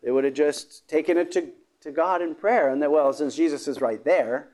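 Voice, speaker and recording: A man preaching a sermon, halting, with many fillers and restarts, often clearing his throat. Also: a little high, a little mellow.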